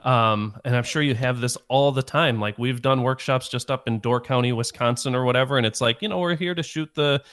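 A man from Chicago casually telling a story, animated and laughing as he talks. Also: mid-range voice, fairly quick, hardly any pauses, no echo, clean studio sound.

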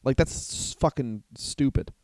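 A man's voice: mid-range voice, unhurried, darkish tone, dry recording. A young man co-hosting a casual podcast from a living room, rambling, swearing and laughing as he talks. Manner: rambling, laughing, swearing, puts on silly voices. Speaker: podcast co-host.

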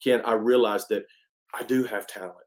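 A man's voice: on the low side, fairly even intonation, moderate pace, darkish tone. A man from East Texas, a country singer telling his story as an interview guest in a casual, emphatic way with many restarts.

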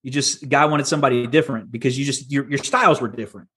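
A man's voice: medium pitch, fast talker, fairly bright tone, breathy edge. A middle-aged man from Texas, a podcast guest telling his story in a candid, casual way with frequent restarts. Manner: candid, many restarts and repeats.

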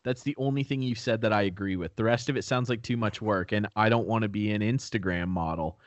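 A young man co-hosting a casual podcast, rambling through stories and acting out quotes in high squeaky voices. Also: quick pace, no room sound. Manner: rambling, animated storyteller who acts out quotes in high voices. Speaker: podcast co-host. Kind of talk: casual chat. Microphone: new podcast microphone.

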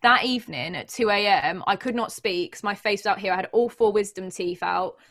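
A woman's voice: medium pitch, fairly quick, fairly bright tone. A young woman, a guest giving an earnest, emotional personal account with frequent restarts. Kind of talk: candid personal account in conversation.

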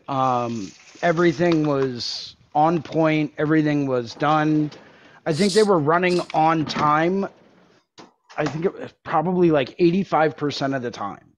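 A man tattoo artist chats on a podcast over a video call, trading easy, teasing jokes. His voice sits fairly high for a man. The call audio is dull and lo-fi. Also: measured pace, slight background noise. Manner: jokey, teasing banter. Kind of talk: casual podcast chat.

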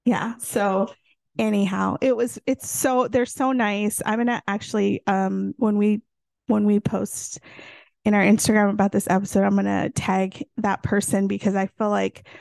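Chatty gravelly-voiced woman podcaster. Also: mid-range voice, moderate pace, no echo, clean studio sound. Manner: chatty, animated storytelling with many fillers. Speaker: podcast co-host. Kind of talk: casual chat.

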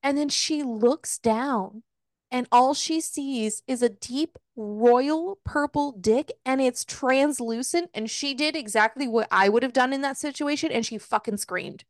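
A woman co-hosting a casual podcast, recapping a book in an exasperated, swearing, animated way and voicing the characters' lines. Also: high voice, unhurried, no room sound, studio quality. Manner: swearing, exasperated, animated retelling with voiced quotes. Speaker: podcast co-host.

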